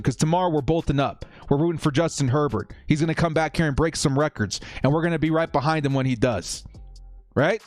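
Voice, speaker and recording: A man's voice: sits high, dry recording. A young man hosting a casual live stream, reading viewer comments aloud and laughing often.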